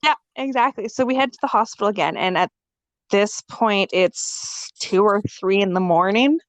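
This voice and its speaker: A woman's voice: mid-range voice, moderate pace, no room sound. Young woman, candid podcast guest, salty language, acts out the dialogue, dry close sound. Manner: swears freely and acts out quoted dialogue; lively, frank and joking. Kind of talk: casual storytelling chat.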